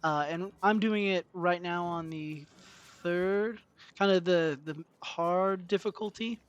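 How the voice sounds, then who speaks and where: A man's voice: high-pitched, slow, muffled recording. A man giving live, self-deprecating commentary to his viewers while streaming a video game. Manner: expressive, self-deprecating, talks to chat. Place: home room, indoors.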